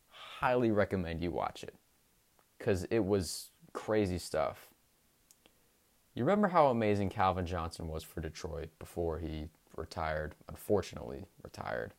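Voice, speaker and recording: A young man hosting a sports podcast, recapping games in an enthusiastic, emphatic way with drawn-out stresses. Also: low voice, vocal fry.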